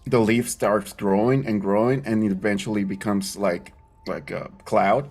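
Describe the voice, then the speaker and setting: A man playing a tabletop game, describing his character's actions, excitable and given to swearing. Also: lowish voice, moderate pace, soft background music. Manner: excitable, swearing, gets emotional. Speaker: player.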